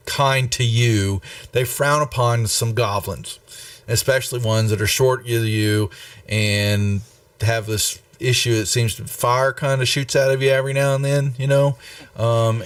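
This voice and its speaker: A male game master narrates a tabletop session slowly, with plenty of ums and restarts. His voice sits a little off the mic, but the room is dry and dead. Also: medium pitch, dry recording, distant mic. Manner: unhurried, rambling with many fillers.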